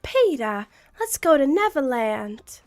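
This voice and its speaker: A woman's voice: high-pitched, sing-song, takes it slowly, soft background music, pitched above the performer's own voice, heavily acted. Woman putting on a prim transatlantic girl. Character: prim girl from an old cartoon film.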